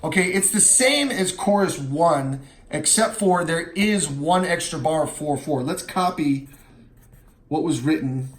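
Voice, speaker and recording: A man explaining how to chart a drum part, counting beats out loud and scatting the fills. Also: a little high, lively intonation, a little slow. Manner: counts beats aloud and scats drum parts. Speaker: drum teacher. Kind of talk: instructional walkthrough. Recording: roomy, with music playing.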